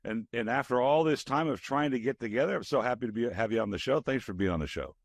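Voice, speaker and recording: An older man hosting a podcast from a studio, rambling chattily with fillers and trailing into lower murmurs. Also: animated, fast talker, vocal fry, dry recording. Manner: rambling with fillers, drops to a low mutter. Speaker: podcast host. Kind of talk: casual interview chat.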